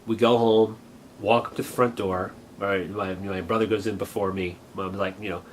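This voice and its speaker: Earnest low-voiced man reminiscing. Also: fairly even intonation, slight background noise. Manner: earnest, reflective, halting. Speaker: vlogger. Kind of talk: personal reminiscence.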